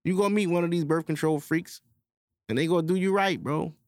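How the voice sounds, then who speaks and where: A man's voice: on the high side, brisk. A young man hosting a podcast, telling crude stories in casual chat and acting out quotes in a raised voice. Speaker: podcast host.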